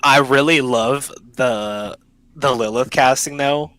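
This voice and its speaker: A young man rattles through a casual podcast chat with eager, slangy enthusiasm, restarting his sentences as he goes. His voice sits at an ordinary middle pitch and comes across close and dry, with no room sound around it. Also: takes it slowly, sharp tone, no room sound, low-quality recording. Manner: enthusiastic, slangy, self-interrupting. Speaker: podcast host. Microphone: online call.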